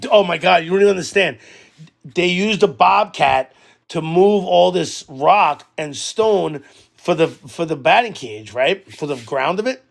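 A man, co-hosting a podcast and telling a story in casual chat, animated and swearing a lot. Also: high voice, gravelly. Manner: animated, swears a lot, loudly acts out quoted arguments. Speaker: podcast co-host.

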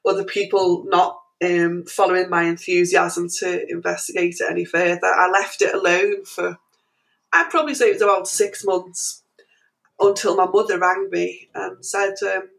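A middle-aged woman, an interview guest, telling a story in an animated way with many restarts and fillers. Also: on the low side, normal speed, creaky, poor audio.

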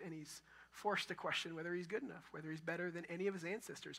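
A young adult man preaching a sermon as pastor, with a Texan accent, animated, swinging from loud emphasis to near-whispers. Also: high voice.

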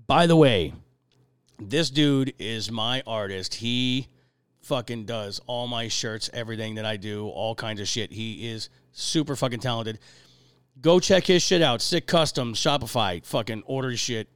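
A man hosting a podcast, telling stories in a profane, animated, casual way. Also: mid-range voice, measured pace, clear, resonant tone, dry recording. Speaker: podcast host.

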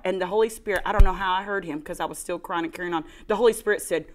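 A woman co-hosting a casual faith talk, telling a personal testimony with lively storytelling and a put-on whiny voice for her past self. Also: fairly low pitch, racing, hardly any pauses. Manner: animated storytelling, mimics her own whiny crying voice. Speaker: co-host sharing a testimony.

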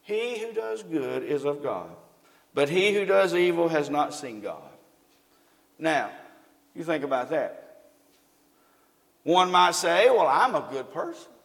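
A preacher with a drawl and a fairly high voice delivers a homespun sermon. He keeps turning to the congregation with questions. His voice carries a long reverb through a church hall. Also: expressive, takes it slowly, vocal fry, long pauses, fairly bright tone. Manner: folksy, asks the congregation questions.

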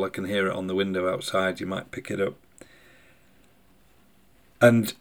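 A man hosting a podcast, speaking a slow, thoughtful spoken meditation with hesitant phrasing. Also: on the low side. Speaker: podcast host. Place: indoors by a window in the rain.

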